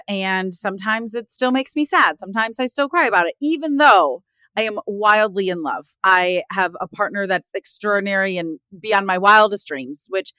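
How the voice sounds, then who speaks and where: Middle-aged woman as a podcast guest, heartfelt and candid, smooth resonant voice, dry close sound. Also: medium pitch, sharp tone, no room sound. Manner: earnest and heartfelt, leans on "like" and "right?". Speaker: guest author.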